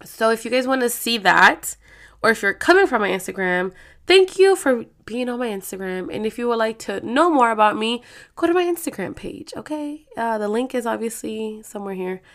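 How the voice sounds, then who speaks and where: A woman's voice: on the high side, lively intonation, fairly quick, fairly bright tone. Chatty, profane woman podcast host. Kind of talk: casual solo podcast talk.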